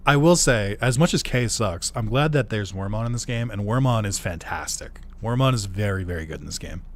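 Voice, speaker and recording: A man's voice: lowish voice, lively intonation, fairly quick. A man streaming a video game, chatting casually, laughing a lot, swearing and ranting about the story. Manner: giggly, laughs often, swears, rants at the story. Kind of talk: casual let's-play commentary.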